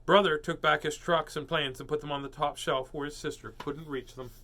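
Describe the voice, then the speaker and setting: A man's voice: a little high, steady tone, a little fast, sharp tone. A man reading a children's storybook aloud, doing playful character voices and joking asides. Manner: playful, jokey asides and puns. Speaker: storybook reader.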